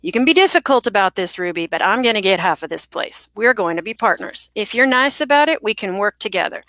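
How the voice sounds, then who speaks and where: A woman's voice: mid-range voice, lively intonation, fairly quick, a bit bright, no room sound, clean studio sound. A woman voicing a mean, greedy Southern ex-husband with a Southern accent, reading from her own novel with a sneering, threatening manner.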